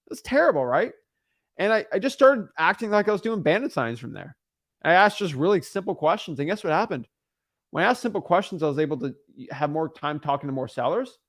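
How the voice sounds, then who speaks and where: A man in his twenties teaching real estate wholesaling on a livestream, talking in a hyped-up, rambling way and correcting himself often. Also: on the high side.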